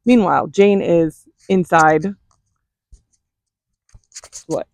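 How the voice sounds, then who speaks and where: A woman vlogger tells a story in an animated, chatty way. Her voice has a gravelly fry. The sound is dry and close. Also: fairly low pitch, very slow, dry recording. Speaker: vlogger, mother. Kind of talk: casual storytelling.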